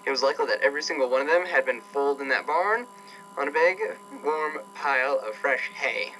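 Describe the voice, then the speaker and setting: A man's voice: mid-range voice, brisk, sharp tone, soft background music, low-quality recording. A man doing a comedic reading of fan fiction aloud, irreverent and swearing, often breaking off to laugh.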